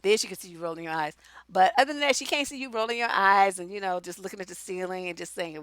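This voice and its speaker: Blunt, bright-voiced woman coach. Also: medium pitch, fast talker, smooth, no echo. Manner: blunt, profane and animated, acts out quoted voices. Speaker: relationship coach. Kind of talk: casual advice talk to camera.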